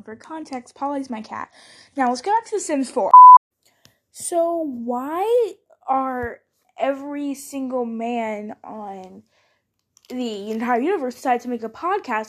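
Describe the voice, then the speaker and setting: Young woman, high voice, podcast host, casual chat, scatterbrained, keeps restarting. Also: lively intonation, measured pace, noisy background. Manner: chatty, scattered, self-interrupting with frequent restarts. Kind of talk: casual solo podcast bloopers. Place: at home.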